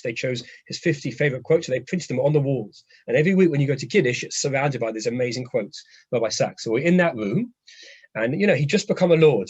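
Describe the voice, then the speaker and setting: Husky-voiced man telling lively anecdotes. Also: medium pitch, dry recording. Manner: lively anecdotal storytelling, restarts phrases. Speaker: rabbi lecturer. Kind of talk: lecture to an online class. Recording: dull, dry lo-fi audio.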